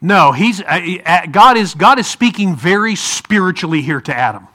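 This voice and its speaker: A man's voice: sits high, animated, normal speed, bright, forceful tone. A man with an Ohio accent teaching a Bible class in a conversational way, often asking the group questions.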